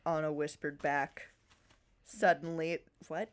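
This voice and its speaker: A woman's voice: sits low, flat delivery, moderate pace. A woman podcast host in casual chat, giggling as she reads her own fan fiction aloud with playful emphasis.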